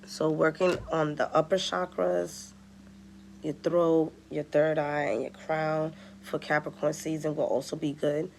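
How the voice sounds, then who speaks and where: A woman's voice: low voice, flat delivery, a little slow, creaky, darkish tone, slight background noise. A woman giving a casual tarot reading, chatty and direct, talking straight to her viewers. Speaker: tarot reader.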